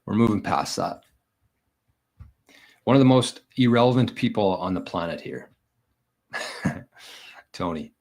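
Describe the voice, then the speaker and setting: Canadian guy ranting on his daily vlog, low voice, swears a lot, gets fired up. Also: animated, measured pace, pauses often, a little mellow. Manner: blunt, profane and combative. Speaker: bitcoin vlogger.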